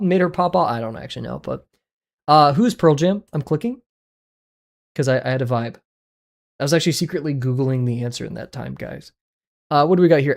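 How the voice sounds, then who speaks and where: A man's voice: on the high side, darkish tone. A man chatting casually on a livestream while playing web games, reacting aloud with sudden yelps and mumbled asides. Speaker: art livestreamer.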